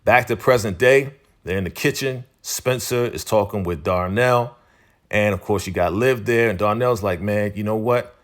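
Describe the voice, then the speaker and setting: Casual man recapping, lowish voice. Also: normal speed. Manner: conversational, repeats phrases, leans on "you know". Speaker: TV episode recap host. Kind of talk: casual spoken recap narration.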